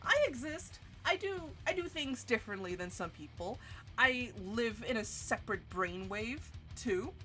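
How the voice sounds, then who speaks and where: A woman streamer telling a story in a casual, animated rant full of swearing, with big jumps in pitch. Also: moderate pace. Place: home streaming setup. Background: faint music.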